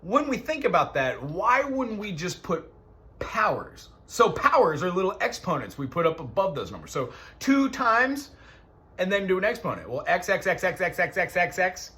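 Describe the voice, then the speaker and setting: A man's voice: high voice, very animated, moderate pace, pushed and bright. A man teaching a one-on-one music lesson, explaining patiently and counting beats aloud.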